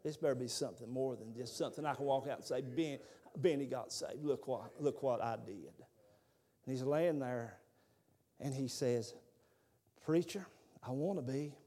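A man's voice: mid-range voice, moderate pace, warm tone. A man, preaching a sermon as a fervent storyteller. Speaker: pastor.

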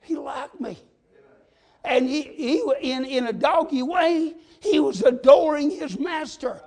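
A man preaching a sermon, telling folksy stories and rising into shouts. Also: very high-pitched, slow.

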